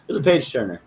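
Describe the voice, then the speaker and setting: A man's voice: fairly high pitch, a little hiss or hum. A man co-hosting a casual chat show, tossing in dry, joking asides. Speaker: co-host.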